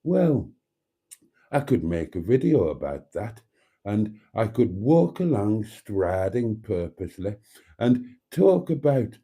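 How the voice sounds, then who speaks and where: A man's voice: mid-range voice, dark tone, breathy edge, pitched above the performer's own voice, full character voice. A man putting on the voice of a rambling, ponderous man who muses aloud about trivial things. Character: rambling, ponderous man musing over breakfast.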